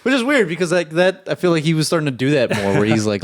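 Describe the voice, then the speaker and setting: A man's voice: fairly high pitch, very animated, fast talker, no room sound, studio quality. A young man co-hosting a podcast, rambling and joking about a film with lots of fillers. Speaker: podcast co-host. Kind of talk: casual film review chat.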